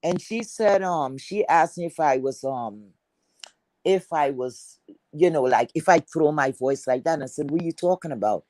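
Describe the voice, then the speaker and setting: A woman with a deep, heavy voice telling a personal story in a chatty, rambling way, full of fillers. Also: animated, moderate pace, dark tone, no echo, rough recording.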